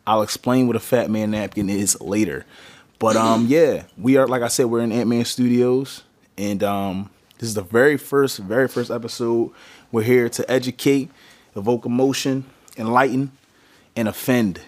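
A man's voice: medium pitch, moderate pace, a little mellow. A man hosting a podcast in a small studio, talking in a loose, rambling, joking way. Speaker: podcast host. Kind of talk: casual chat.

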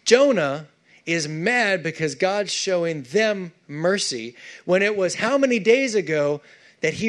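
Casting note: male pastor, lively, chatty sermon delivery, higher voice. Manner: animated, conversational preaching with asides to the congregation.

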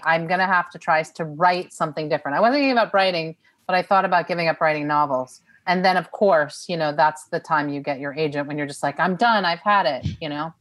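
A woman's voice: on the low side, a little fast, fairly bright tone. A woman, a writer on a panel, speaking earnestly and encouragingly over a video call. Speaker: panel guest, author. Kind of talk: casual panel conversation.

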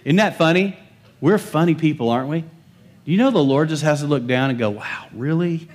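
A male pastor preaching a lively sermon, joking with the congregation and building emphasis. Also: on the high side, a little fast. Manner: animated, humorous preaching with rising emphasis.

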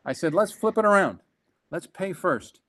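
A man, a guest and former franchise executive, telling a business story in conversation, emphatic and animated with quick restarts. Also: high voice.

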